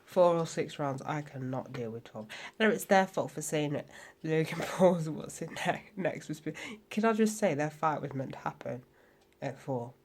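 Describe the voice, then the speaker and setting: A woman's voice: low-pitched, lively intonation, normal speed, darkish tone, a little hiss or hum. A tired young woman talking casually at home late at night, sweary and rambling, sometimes dropping to a whisper. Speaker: vlogger.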